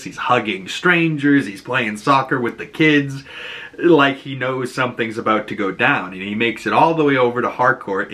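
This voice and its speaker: A man's voice: mid-range voice, bright, forceful tone. A man recapping a TV episode in a chatty, casual way, filling his talk with "you know" and "like". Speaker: video reviewer.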